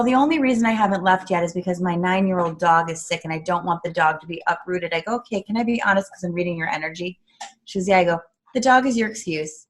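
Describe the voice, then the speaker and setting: Earnest, animated American woman guest. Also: mid-range voice. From United States. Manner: earnest, animated, acts out quoted talk. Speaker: guest speaker, coach. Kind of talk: casual interview talk.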